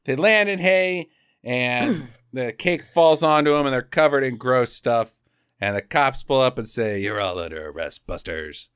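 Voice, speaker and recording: A man's voice: medium pitch, a little slow, clear, resonant tone, no echo, clean studio sound. A man co-hosting a podcast, joking casually about a movie and acting out its scenes. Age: adult parent. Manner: jokey, lively, acts out scenes. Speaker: podcast co-host. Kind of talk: casual chat riffing on a movie.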